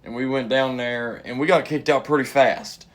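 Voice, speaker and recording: A man, a comedian casually telling a funny story and acting out the people in it with sudden high yells. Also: fairly even intonation, normal speed. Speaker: stand-up comedian.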